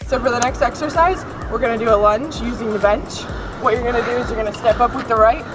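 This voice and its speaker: Young woman fitness coach outdoors by the beach, high bright voice, peppy cues, music playing behind her. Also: fast. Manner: upbeat and encouraging, giving step-by-step cues. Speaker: fitness instructor. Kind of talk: outdoor workout instruction. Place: outdoors in a beach park with benches.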